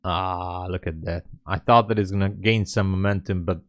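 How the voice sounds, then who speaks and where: A day trader streams his live trades, muttering and joking to himself with sighs and plenty of fillers. His voice sits low with fairly even intonation, a moderate pace, and a fairly bright tone.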